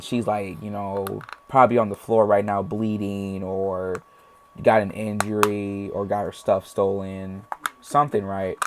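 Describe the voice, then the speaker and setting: A man's voice: lowish voice, noisy background. A young man telling a casual storytime, rambling with lots of slang and acting out what people said. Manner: rambling, heavy slang, acts out voices. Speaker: storytime vlogger.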